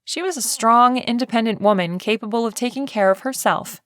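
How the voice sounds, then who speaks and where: A woman narrating a romance audiobook in a steady, even storytelling manner on a close studio microphone. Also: fairly high pitch, fairly quick, no echo.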